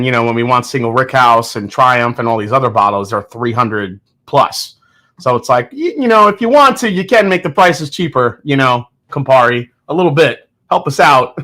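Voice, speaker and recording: A man's voice: medium pitch, fairly bright tone. Chatty man rambling casually. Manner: rambling, chatty storytelling with frequent restarts and laughs. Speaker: host. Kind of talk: casual chat.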